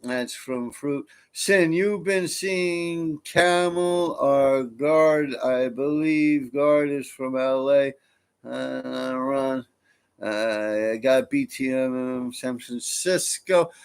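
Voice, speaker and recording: A man's voice: medium pitch, extremely slow, clear, resonant tone. A man, rambling casually and profanely as he chats with viewers on his stream. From New York. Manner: rambling, profane, laid-back. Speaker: streamer reading viewer comments. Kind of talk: casual live-stream chat.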